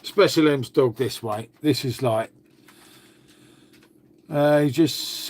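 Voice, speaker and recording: This livestream host has a mid-range, slightly mellow, husky voice and takes it slowly, with long pauses. He chats casually with viewers, cursing freely while addressing his dog.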